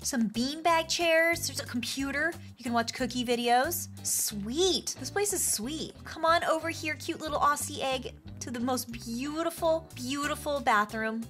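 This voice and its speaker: A woman hosting a game video, talking through her play in an excitable, gushing way with frequent gasps. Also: high voice, unhurried, few pauses, faint music behind. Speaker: gaming channel host. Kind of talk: playful game commentary.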